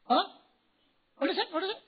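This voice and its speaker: A man's voice: very high voice, expressive, brisk, highs cut off. A man with an Indian English accent, a native Kannada speaker, giving a playful, humorous motivational address to new students and quizzing the audience. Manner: playful, teasing, questions the audience.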